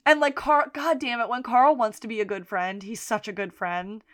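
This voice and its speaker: A woman co-hosting a podcast, casually recapping episodes and slipping into quick voices for the characters. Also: medium pitch, no echo. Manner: retells scenes, quoting characters in lively voices. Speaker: podcast co-host.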